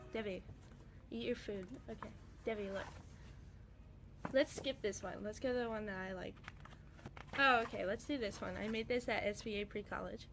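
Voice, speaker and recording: Slow, deadpan young woman. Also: fairly high pitch. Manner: deadpan, wry, unhurried. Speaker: comic artist reading to her cat. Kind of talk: casual chat.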